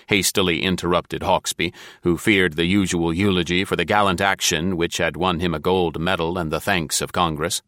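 A man reads an old detective tale aloud in a measured, even way. His voice is very deep, and the sound is close and dry with no room around it. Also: no room sound. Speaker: narrator. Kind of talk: audiobook narration.

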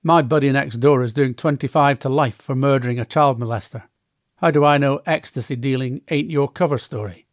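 A man's voice: medium pitch, brisk, dry recording, close to an everyday voice. Man reading as a threatening tattooed convict, crude and coaxing, dry close sound. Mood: menacing. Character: menacing tattooed adult male convict.

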